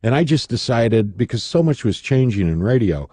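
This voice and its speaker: A man's voice: mid-range voice, very animated, moderate pace, warm tone, husky, dry recording. A middle-aged man from Michigan, a radio personality speaking as a guest in a studio interview, telling his story dramatically and acting out the voices he quotes.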